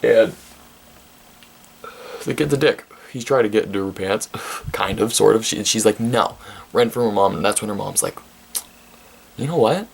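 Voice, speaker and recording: Gravelly young man rambling about a movie. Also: lowish voice, steady tone, normal speed, pauses often. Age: 20s. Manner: rambling, profane, laughs often, many restarts. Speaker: vlog host reviewing a movie. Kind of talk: casual comedic movie recap.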